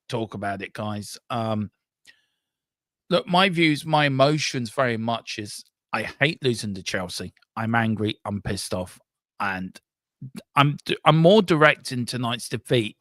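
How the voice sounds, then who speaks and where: A man's voice: medium pitch, fairly bright tone, no room sound, clean studio sound. A man hosting a casual football fan talk show, frank and emotional, rambling between reader comments.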